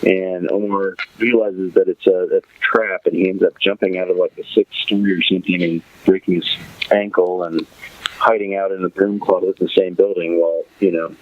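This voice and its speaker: A man's voice: low voice, level tone, moderate pace, lo-fi sound. A man hosting a podcast, casually recapping a TV episode, rambling and thinking aloud with many fillers. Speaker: podcast host.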